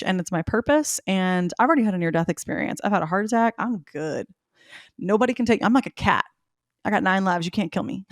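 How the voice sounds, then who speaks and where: Young woman podcast host, lower-pitched voice, close dry mic, chatty and upbeat with frequent laughs. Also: dry recording. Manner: chatty, upbeat, laughs often, animated quoting. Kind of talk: casual chat.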